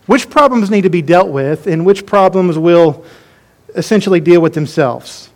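A man's voice: high-pitched, normal speed. A man preaching a sermon as pastor, folksy and joking as he talks to his congregation.

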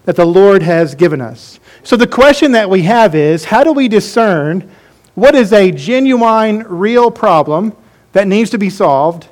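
A man's voice: high voice, lively intonation, unhurried. A man preaching a sermon as pastor, folksy and joking as he talks to his congregation.

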